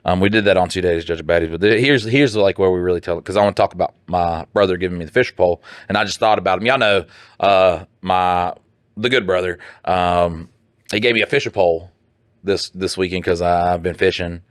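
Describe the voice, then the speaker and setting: A man co-hosting a podcast, reading listener posts aloud and riffing on them with profane, animated jokes. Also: brisk, no room sound, clean studio sound. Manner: animated, joking, breaks into laughter, jumps up in pitch for mock voices. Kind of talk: casual profane banter.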